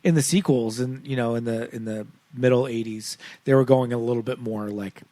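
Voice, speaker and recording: A man co-hosting a casual podcast chat, animated and laughing often, with lots of fillers. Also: medium pitch, a little fast, no room sound. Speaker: podcast co-host.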